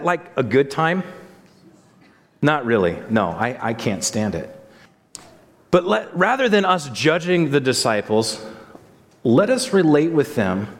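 A man's voice: mid-range voice, in a large hall. A man preaching a sermon at a church service, talking casually and putting questions to the congregation. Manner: conversational, asks the congregation questions. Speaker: pastor.

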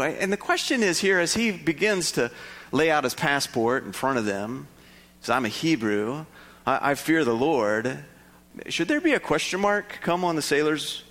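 A man preaching a sermon, stirred and lively, asking his listeners rhetorical questions. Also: big-room sound. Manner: animated, rhetorical questions, rising pitch when stirred. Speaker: pastor.

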